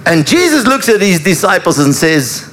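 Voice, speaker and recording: Preaching a sermon to his congregation, a male pastor tells the story with animated flair, his voice high for a man and his pitch jumping up and down. He speaks at a moderate pace, with a little hiss or hum in the background.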